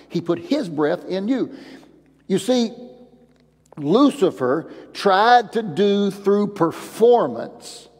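High-voiced preacher in a reverberant church. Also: male voice, slightly rough. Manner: emphatic preaching, drops soft and low in prayer. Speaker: pastor. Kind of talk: sermon. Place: church sanctuary. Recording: long church reverb with faint music.

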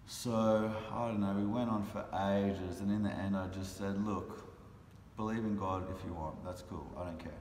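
A tired, frustrated man, a vlogger and animal rights speaker, delivers a casual vlog monologue in heated, impassioned bursts. His low, slightly mellow voice keeps a fairly even intonation at normal speed. The room is echoey, with long reverb and faint noise.

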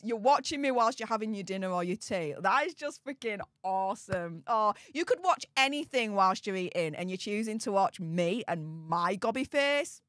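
A woman's voice: medium pitch, animated, normal speed, few pauses, a bit bright, no room sound, clean studio sound. A woman with a Yorkshire accent hosting a livestream, gushing thanks to viewers for their super chats in an exclamatory, bubbly way. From England. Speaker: livestream host.

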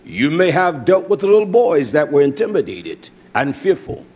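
A man preaching a fiery sermon, swinging from loud outbursts to low murmurs, with a husky voice. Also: very animated, moderate pace.

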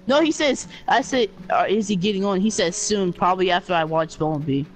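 A young man in gaming voice chat, whiny and defensive, often yelling at his friends. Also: sits high, a little fast, over music. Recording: noisy game capture.

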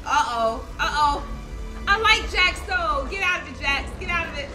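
A woman giving excitable, casual commentary while playing a video game, trash-talking and repeating her lines. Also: high voice, moderate pace, over music. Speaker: gaming streamer.

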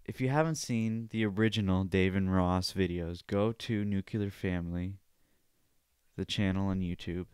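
A man's voice: smooth, no room sound, clean studio sound. Profane rambling male podcaster. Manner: rambling, profane, talks to his pet in a high excited voice. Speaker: podcast host. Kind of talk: casual solo podcast chat.

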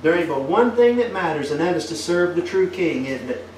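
Preaching a folksy sermon, a man fires many tag questions back at his congregation. His voice is a little high, animated and fairly quick. The recording is very noisy, captured from a distance in an echoey room.

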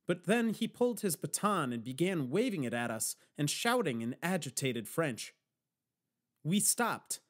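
A man narrating a first-person audiobook with wry, dry storytelling. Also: on the high side.

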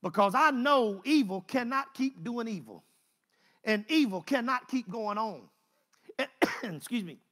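A preacher man with a high-pitched, bright voice. He preaches with lively swings of pitch, rising to loud exclamations and dropping to low, quiet asides. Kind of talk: sermon.

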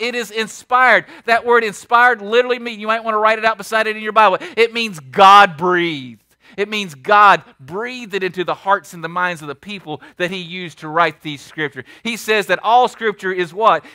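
A man preaching a sermon as pastor, emphatic and quick to throw questions at the congregation. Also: sits high, bright, forceful tone, dry recording, clean studio sound.

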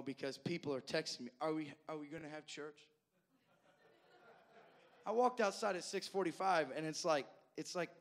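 A male pastor telling folksy stories in a sermon, addressing the congregation directly and repeating words as he goes from loud to soft. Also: a little high. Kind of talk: sermon storytelling.

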